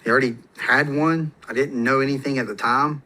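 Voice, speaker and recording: Man telling stories with a bright voice. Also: medium pitch, a little fast. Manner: relaxed, rambling, with frequent fillers and restarts. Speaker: podcast guest. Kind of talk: casual storytelling.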